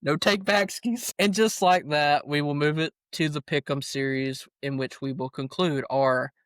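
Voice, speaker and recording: A man's voice: fairly high pitch, steady tone, measured pace, fairly bright tone, no room sound. A young man co-hosting a casual sports podcast, joking and laughing often as he talks. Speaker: podcast co-host.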